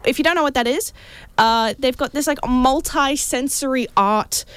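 Bubbly radio co-host, high voice. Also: female voice, moderate pace, a bit bright, clean tone, no room sound. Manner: bubbly, chatty, enthusiastic. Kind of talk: casual radio event roundup. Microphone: studio microphone.

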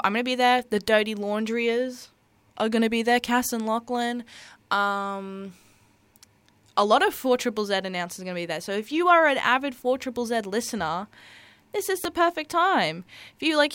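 A woman's voice: on the high side, a bit bright, smooth, dry recording. A young woman hosting a community radio show, talking in a rambling, giggly way full of "like". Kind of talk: casual radio chat.

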